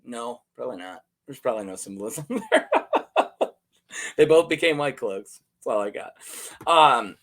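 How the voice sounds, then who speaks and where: Man, casual lore host, animated swooping delivery, joking asides, self-corrections. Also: mid-range voice, moderate pace, long pauses.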